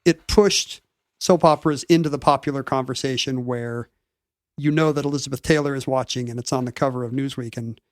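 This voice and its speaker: A man co-hosting a chat podcast, explaining a topic at length with frequent pauses and restarts. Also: mid-range voice, dry recording, clean studio sound. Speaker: podcast co-host. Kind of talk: casual chat, recapping a topic.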